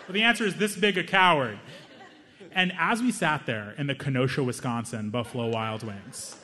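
A young man performs stand-up comedy, telling a story and animatedly acting out the lines of the people in it. His voice is medium-pitched and his pace moderate.

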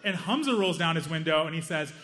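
A man's voice: on the high side, fast talker. A young man doing stand-up comedy, telling a story and acting out the people in it. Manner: animated, acts out other people's lines.

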